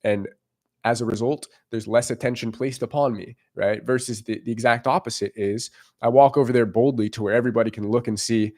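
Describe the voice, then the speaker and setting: A young man coaches in a relaxed, off-the-cuff monologue. He speaks bluntly and swears casually, repeating himself as he works through his points. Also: mid-range voice, a little fast. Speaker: dating coach.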